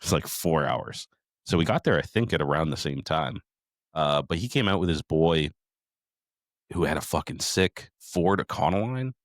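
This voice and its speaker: Deep-voiced profane podcast host. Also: male voice, lively intonation, moderate pace, dry recording, studio quality. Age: middle-aged. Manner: profane, rambling storytelling. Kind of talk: casual recap chat.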